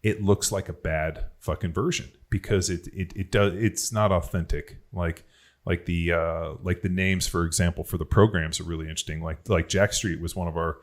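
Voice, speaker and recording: A man's voice: low voice, fairly even intonation, normal speed. A man on a podcast telling rambling, profane stories about football and strength. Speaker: podcast host, former NFL player. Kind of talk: casual podcast chat.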